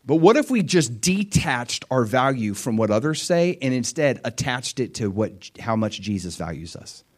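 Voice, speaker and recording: A man preaching a sermon with animated, emphatic delivery and frequent questions to his listeners. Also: mid-range voice, normal speed.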